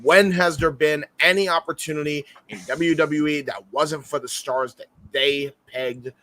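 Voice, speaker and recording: A man's voice: fairly high pitch, fairly even intonation, unhurried, pushed and bright, no room sound. Blunt, cursing wrestling panelist man. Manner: argues his point bluntly with profanity. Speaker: panelist on a wrestling talk show. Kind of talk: casual online chat.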